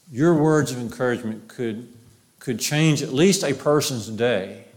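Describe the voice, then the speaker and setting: A male preacher delivering a sermon in a mid-range voice with a gravelly, creaky edge. He quotes scripture and circles back on his own phrases to drive each point home. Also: medium pitch.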